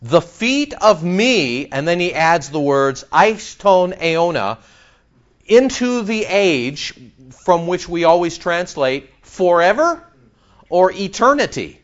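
A man preaching an expository sermon in a conversational, animated way, joking with the congregation. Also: high-pitched, slow pace, dull audio. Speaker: pastor.

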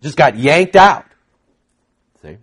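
An animated male preacher working through scripture verse by verse. His pitch swings widely as he acts out the dialogue, and he fills the gaps with frequent fillers. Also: slow pace, breathy edge. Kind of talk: expository sermon.

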